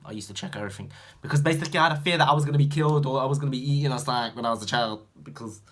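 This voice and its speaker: Young British man, casual vlog chatter, rambling and filler-heavy, mid-range voice that flips between loud bursts and low mumbles. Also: racing. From Britain. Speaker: vlogger. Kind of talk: casual chat to camera.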